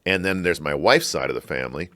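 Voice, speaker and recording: A middle-aged man from Chicago, a scholar talking in a podcast interview, reflective and halting with animated bursts. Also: extremely low pitch. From Chicago, United States. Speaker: guest, scholar and university provost.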